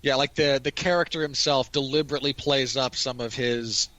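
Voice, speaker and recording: A man's voice: medium pitch, fairly even intonation, a little fast, fairly bright tone, dry recording, dull audio. A man hosting a casual movie review podcast, rambling with many restarts and repeated "again". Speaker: podcast host.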